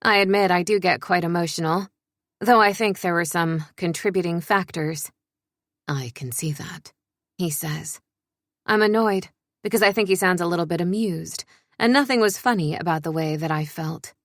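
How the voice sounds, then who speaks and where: Low-voiced young woman narrating a story. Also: moderate pace, no room sound, studio quality. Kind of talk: first-person story narration.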